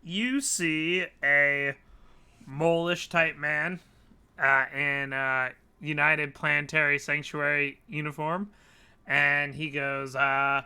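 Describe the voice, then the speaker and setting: A man's voice: on the high side, steady tone, takes it slowly, pushed and bright, smooth. A man narrating as game master of an online tabletop game, often laughing as he describes the scene. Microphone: remote call mic.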